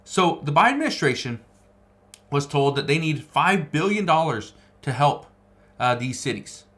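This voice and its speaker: A man's voice: a little high, sing-song, normal speed, a bit bright. A man giving political news commentary, reading out articles and stressing his points by repeating phrases. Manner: emphatic, repeats key phrases.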